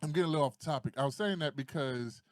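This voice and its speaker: A podcast co-host with a slightly high voice talks fast in clean studio sound with no echo. In casual chat he tells animated, profane stories, swearing a lot and acting out the voices of the people he quotes.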